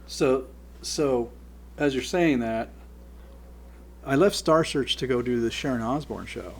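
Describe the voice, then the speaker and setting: A middle-aged man, a production guest, telling behind-the-scenes stories in a casual, animated way and laughing as he goes. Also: mid-range voice, a little slow, a little hiss or hum. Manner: animated, laughs through his stories and acts out quoted lines. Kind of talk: casual anecdotal storytelling.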